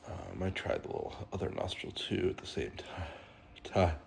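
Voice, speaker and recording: A man vlogging casually, breathy and halting, with long pauses and a congested, sniffly sound. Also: low voice, big pitch swings, a little hiss or hum. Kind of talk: casual talk to camera.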